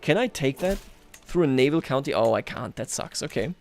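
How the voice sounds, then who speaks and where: A man's voice: medium pitch, animated, brisk, creaky. Guy streaming a strategy game, chatty and joking at himself, voice jumps around a lot, faint music under it. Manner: chatty, self-mocking, chuckles often. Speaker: livestreamer. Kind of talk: casual gameplay commentary.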